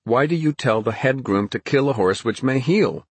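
A man's voice: mid-range voice, expressive, normal speed, slightly rough, no echo, voice pushed up. A man voicing an earnest, anxious young boy prince in a storybook reading. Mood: urgent.

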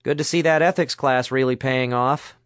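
An easygoing young man cracks jokes in an upbeat, higher voice in a storybook reading, voiced by a male narrator. He sounds quippy and light. The recording is dry and close. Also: fairly even intonation, normal speed, fairly bright tone, clear, resonant tone, no echo, lightly acted.

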